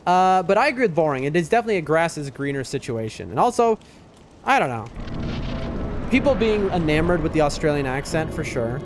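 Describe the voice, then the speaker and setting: A man's voice: a little high, very animated, a little fast, a little hiss or hum. A man from the East Coast of the United States, a gaming streamer rambling in casual chat with his viewers, whom he calls folks. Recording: game music under the voice. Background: game music.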